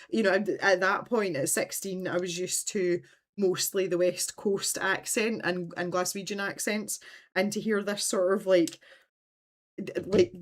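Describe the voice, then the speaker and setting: Scottish woman in her 30s, chatty and animated, laughs a lot while hosting a relaxed stream. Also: medium pitch. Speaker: livestream host. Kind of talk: casual chat.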